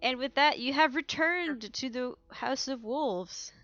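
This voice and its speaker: A woman narrating a tabletop game as game master in a lively, casual way. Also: sits high, measured pace, muffled recording, soft background music.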